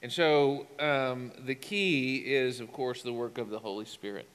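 A man's voice: mid-range voice, unhurried, a bit bright, clear, resonant tone, big-room sound. A male pastor preaching a conversational sermon with emphatic bursts.

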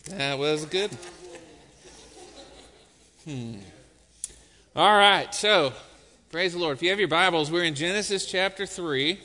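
A man's voice: fairly high pitch, slow pace, pauses often, sharp tone. A man preaching as a pastor, talking in a loose, joking, conversational way to his congregation. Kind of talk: sermon. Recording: long church reverb.

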